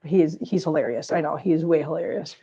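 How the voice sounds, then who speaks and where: A woman's voice: low-pitched, fast talker, mellow, slightly rough. Woman host, casual unscripted chat, short of breath, baby-talks pets; slightly muffled audio. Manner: chatty, coos at cats in baby talk. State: overheated and out of breath. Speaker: cat channel vlogger. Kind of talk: unscripted live-stream chat while cleaning.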